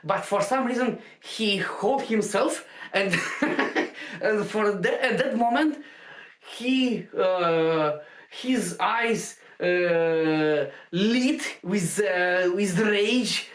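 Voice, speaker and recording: A woman who does stand-up comedy tells a casual anecdote slowly and haltingly, full of fillers and restarts. Her voice sits at medium pitch with lively intonation, and the recording is a roomy one made in a room at home.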